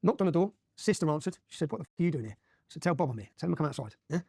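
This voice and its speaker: Guest, rapid-fire emphatic storyteller, dry room. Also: male voice, a little high, lively intonation, creaky, darkish tone, breathy edge, no echo. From Luton, England. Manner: rapid, emphatic, keeps checking with "yeah?". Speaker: interview guest. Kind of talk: animated personal storytelling.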